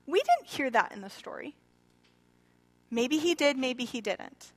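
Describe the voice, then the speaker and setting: A woman's voice: measured pace, pauses often. A woman preaching a sermon in a church, retelling a parable expressively and acting out the quoted lines. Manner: expressive, acts out quoted speech with shifting pitch and loudness. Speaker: pastor.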